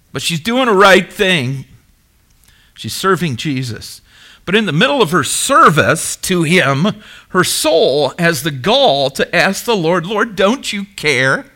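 A middle-aged man preaching a sermon as pastor, emphatic and engaging, questioning his congregation and waiting for answers. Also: on the high side. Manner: animated, emphatic preaching with call-and-response questions.

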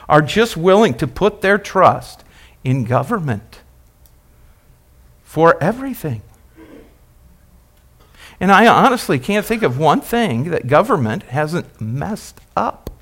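A male pastor preaching a sermon, emphatic and repetitive, asking the congregation questions and building phrases up, then dropping them low. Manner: repeats and builds phrases, rising and dropping loudness.

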